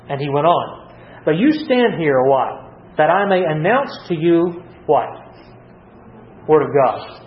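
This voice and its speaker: A man teaching through a Bible passage verse by verse, earnest, often repeating and restarting his words. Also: on the high side. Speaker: preacher. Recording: muffled roomy sound with faint hiss.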